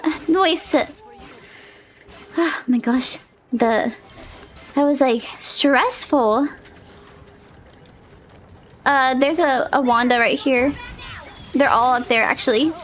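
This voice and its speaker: A young woman streaming a game live, excitable and panicky, swearing and apologizing in rapid repeats. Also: high-pitched, soft background music.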